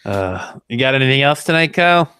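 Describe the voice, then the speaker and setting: A man's voice: mid-range voice, expressive, a little fast, pushed and bright, smooth, dry recording. A man hosting a casual podcast chat, loose and rambling, often restarting his sentences. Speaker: podcast host.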